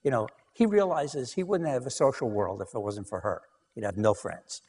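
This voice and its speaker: A man's voice: mid-range voice, normal speed, darkish tone, breathy edge, in a large hall. A man giving a conversational lecture on couples research, telling anecdotes and acting out dialogue, with frequent "you know".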